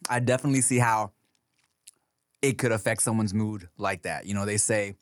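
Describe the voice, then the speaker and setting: A man's voice: on the low side, moderate pace, no echo, studio quality. A man from California co-hosting a podcast, joking and swearing in casual chat. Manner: animated, joking, profane. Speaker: podcast co-host.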